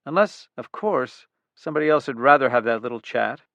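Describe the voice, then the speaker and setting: A man's voice: mid-range voice, animated, fairly quick, a bit bright, no room sound, highs cut off. A man voicing a wry, understated female detective.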